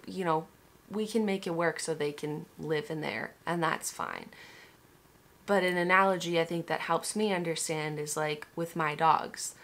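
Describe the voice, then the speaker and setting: Young woman, lowish voice, casual vlog monologue, candid, emotional, swears a lot. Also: a bit bright. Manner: candid and emotional, swears freely, full of restarts. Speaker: vlogger.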